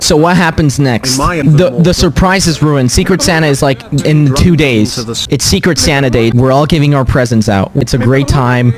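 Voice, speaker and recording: A man streaming to his chat, telling a story in a dramatic, profane, animated way. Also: medium pitch, normal speed, over music. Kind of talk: casual storytelling to a live chat.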